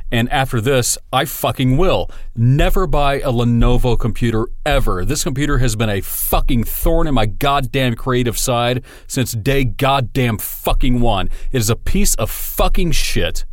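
An angry man rants through a solo podcast episode, cursing at nearly every phrase. His voice sits at an ordinary pitch and is recorded very dry and close. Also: lively intonation, measured pace, no room sound. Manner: angry, swearing constantly. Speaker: podcast host. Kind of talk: profane solo podcast rant.

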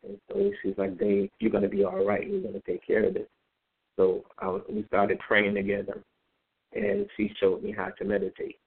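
A man telling his personal story in a halting, conversational way, with many fillers and repeated words. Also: on the low side, big pitch swings, gravelly, husky. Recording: phone-like narrow band.

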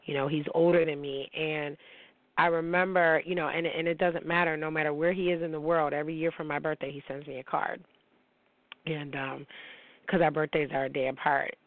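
A woman's voice: low voice, flat delivery, fairly quick, dry recording. A woman in her forties hosting a talk show, delivering a brash, profane, heated rant about celebrity gossip. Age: 40s. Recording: tinny phone-like line, dry.

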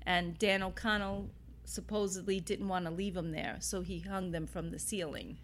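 With slight background noise around her, a woman speaks in a lowish, level voice at a moderate pace. She's a bar owner from New York City, interviewed casually inside an old bar, and her anecdotes ramble, laced with "like" and "you know," as she laughs through her stories.

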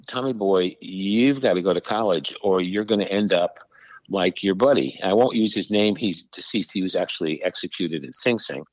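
Older man guest from New York, low voice, lively storyteller, dull dry recording. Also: no echo. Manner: animated storyteller, acts out dialogue, frequent restarts. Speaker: podcast guest. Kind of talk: storytelling in a conversation.

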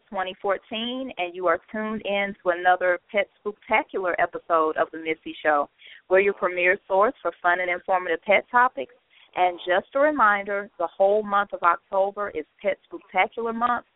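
A woman's voice: mid-range voice, dry recording. A woman hosting an internet radio show in a friendly, chatty way, laughing easily as she talks with her co-host. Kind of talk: casual internet radio chat. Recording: tinny phone line.

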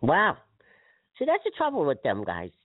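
A man's voice: fairly high pitch, huge pitch swings, moderate pace. Rambling, eager male radio host. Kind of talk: chatty kids' radio introduction. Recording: tinny lo-fi radio with hiss.

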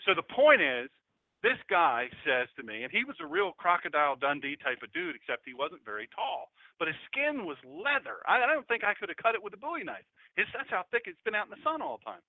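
Animated preacher on a tinny line. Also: male voice, brisk, dry recording. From United States. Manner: animated, storytelling, emphatic swings in pitch. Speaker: pastor. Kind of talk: radio sermon. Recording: dry tinny phone-like audio.

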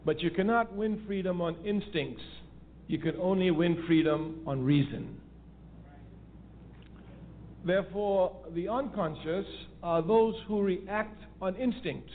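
A man's voice: high voice, takes it slowly, pauses often. A man giving an emphatic political lecture, repeating key phrases for stress. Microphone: phone line. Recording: tinny phone-line audio with faint noise.

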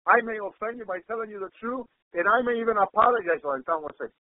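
High-voiced preacher on tinny radio. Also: male voice, expressive, fast, few pauses, slight background noise. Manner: repeats "praise the Lord" between phrases; acts out quoted people in his own voice. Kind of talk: sermon. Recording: tinny phone-like radio broadcast sound.

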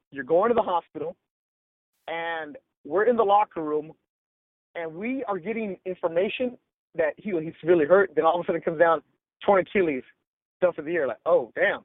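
High-voiced man on a tinny line. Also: no room sound. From Los Angeles. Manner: animated, acts out quotes, says "like" and "bro" often. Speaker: sports reporter, guest. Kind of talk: casual interview storytelling.

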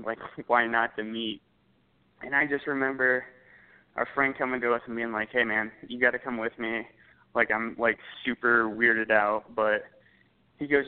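A man's voice: medium pitch, clean tone. Young man, podcast co-host, rambling casual storyteller, swears a lot, tinny phone-line sound.

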